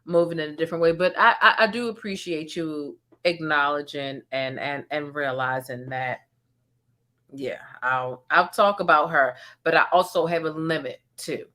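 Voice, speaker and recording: Low-voiced woman, bright and candid. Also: fairly even intonation, normal speed. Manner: candid, conversational, trails off and repeats words. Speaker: commentary channel host. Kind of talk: casual live-stream chat.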